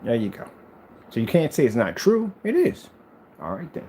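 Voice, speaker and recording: A man's voice: mid-range voice, huge pitch swings, normal speed, warm tone, a little hiss or hum. A man who makes projector screens, talking in a boastful, taunting vlog rant aimed at his critics.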